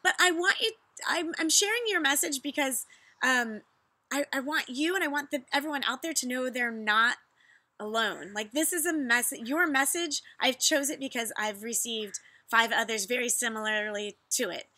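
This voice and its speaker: Bright-voiced chatty woman vlogger. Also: sits high, normal speed, no room sound. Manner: chatty, repeats herself, reads viewer messages aloud. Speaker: fitness vlogger. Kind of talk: casual chat to camera.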